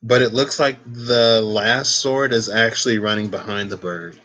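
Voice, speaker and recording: A man's voice: on the low side, fairly even intonation, moderate pace, sharp tone. A man giving a casual, rambling tarot card reading, curious and chatty, wandering off on tangents. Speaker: tarot reader.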